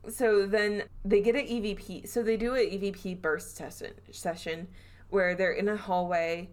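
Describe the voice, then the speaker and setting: A woman with a Southern US accent hosting a podcast, telling a spooky story in a chatty, animated way and acting out quotes. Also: medium pitch, unhurried. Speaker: podcast host. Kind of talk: casual storytelling chat.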